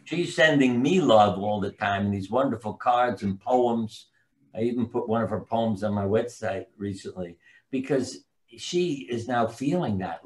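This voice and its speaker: An older man, a physician and author, telling long anecdotal stories as a guest in a casual interview and sometimes losing track of names. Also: mid-range voice. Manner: rambling anecdotal storytelling, forgets names.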